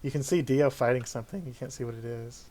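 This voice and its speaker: A man's voice: mid-range voice, fairly even intonation, fast, dark tone. A man running a tabletop game as game master, giving brief matter-of-fact rulings.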